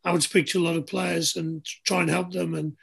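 A man's voice: on the high side, level tone, fairly quick, gravelly, breathy edge. A man, hosting an easygoing casual chat. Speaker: podcast host, former rugby player.

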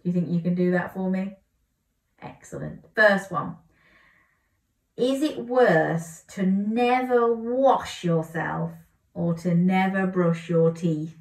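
A woman reading a children's story aloud, animated and inviting listeners to join in, a little away from the mic in a roomy space. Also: on the low side, slow. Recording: roomy, slightly distant mic.

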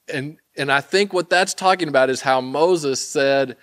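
A man's voice: medium pitch, measured pace, hardly any pauses, fairly bright tone, smooth, dry recording. A man giving a conversational sermon, retelling a scripture story with asides and many fillers. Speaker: preacher.

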